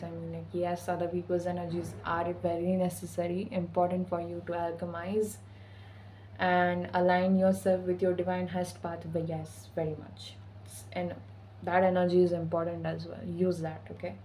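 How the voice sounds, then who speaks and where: A woman speaks slowly and evenly in a mellow, darker voice, sharing intuitive spiritual messages as a vlogger. Her talk is casual and sassy, peppered with slang and swearing. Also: on the low side, a little hiss or hum, low-quality recording. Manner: slangy, profane and sassy, with frequent "okay?".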